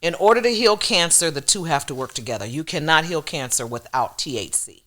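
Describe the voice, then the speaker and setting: A woman comedian appears as a podcast guest and speaks in a low voice. She explains things plainly in casual chat and drops in short agreeing replies. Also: animated, fairly quick, fairly bright tone.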